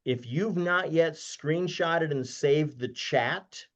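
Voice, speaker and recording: A man explaining lending points as a guest expert, deliberate and emphatic, repeating key points slowly. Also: fairly high pitch, a bit bright. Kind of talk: explanatory webinar talk. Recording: dull lo-fi online call audio.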